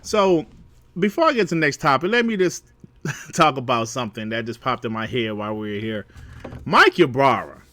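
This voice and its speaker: A man hosting a casual gaming podcast, talking in a lively, slangy way and laughing easily. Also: mid-range voice, moderate pace, no room sound. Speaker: podcast host.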